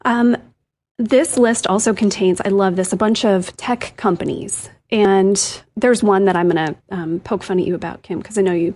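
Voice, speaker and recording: Female co-host, husky and breathy, chatty and quick to laugh. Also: medium pitch. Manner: animated, giggly. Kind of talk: casual chat.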